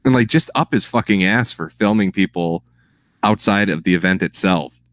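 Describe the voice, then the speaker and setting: A man's voice: low voice, normal speed, no echo. A man chatting casually as a podcast guest, rambling and profane, often breaking into laughs.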